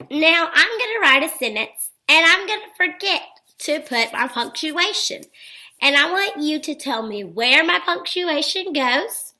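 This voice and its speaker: A woman teacher giving a recorded phonics lesson to young children, speaking slowly and clearly and praising them often. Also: high-pitched, bright, forceful tone, rough recording.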